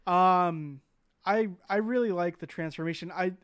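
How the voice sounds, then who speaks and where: A man co-hosting a podcast in casual chat, an animated storyteller who swears casually. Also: high-pitched, unhurried, clear, resonant tone, no echo, studio quality. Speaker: podcast co-host.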